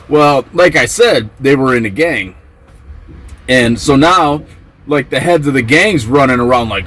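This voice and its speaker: A man telling a story from his time in prison in a casual vlog, acting out the quotes with excited yelps. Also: mid-range voice, measured pace, long pauses, slightly rough, low-quality recording.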